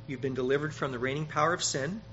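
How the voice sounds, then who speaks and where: Brief: male preacher, bright slightly high voice, emphatic sermon delivery, dull lo-fi recording with faint hiss. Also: fast. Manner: emphatic, rises loud on quoted scripture, repeats words.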